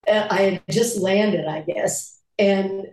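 An older woman speaks slowly and unhurriedly, sharing stories from her acting career and laughing easily between them. Her voice carries a noticeable room echo. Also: mid-range voice, darkish tone. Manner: unhurried, laughs often while telling stories. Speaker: actress and voice actor guest. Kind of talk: casual interview storytelling.

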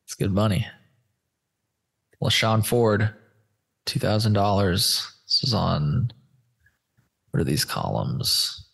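Gravelly, stoned man rambling casually. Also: lowish voice, animated, slow pace, pauses often, a bit bright. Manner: loose, rambling, profane. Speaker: host. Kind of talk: casual screen-share chat.

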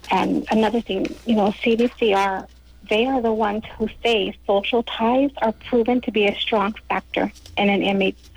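A woman's voice: medium pitch, gravelly, slightly rough, dry recording, low-quality recording. A woman, the wife of a prisoner, giving a personal account as a guest on a live radio program, with many fillers and bits of retold dialogue. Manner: fillers, retells scenes in quoted dialogue.

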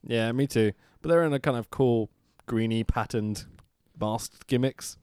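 A man's voice: mid-range voice, measured pace, darkish tone, smooth, no room sound, studio quality. A man hosting a podcast, chatting and laughing with friends, swearing freely. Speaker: podcast host. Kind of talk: casual chat about wrestling.

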